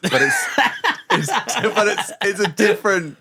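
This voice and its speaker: A man's voice: high voice, measured pace, heavy background noise. A man in his thirties with an Australian accent, a stand-up comedian telling stories in casual podcast chat. He swears freely and laughs through his own lines.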